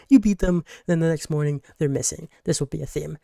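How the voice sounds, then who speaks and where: A gaming YouTuber giving a casual, rambling game recap, full of fillers and quickly acting out the characters' lines. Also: medium pitch, dark tone, no echo, clean studio sound.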